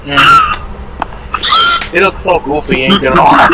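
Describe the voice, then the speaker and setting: A man's voice: on the high side, unhurried, a loud crowd, rough recording. A young male speaker on a group video call making blunt, offhand remarks.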